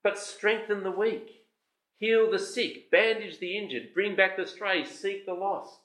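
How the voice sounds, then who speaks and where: A man preaching an expository sermon, emphatic, lifting his voice on lists and slowing down when he reads scripture aloud. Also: high-pitched, a bit bright. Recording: roomy hall sound.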